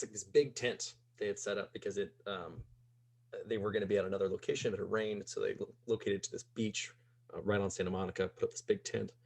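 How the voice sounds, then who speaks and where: A young man from Missouri, a podcast guest telling a casual story, rambling with many "like"s and "um"s. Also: lowish voice. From Missouri, USA. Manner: rambling, peppers speech with "like" and "um".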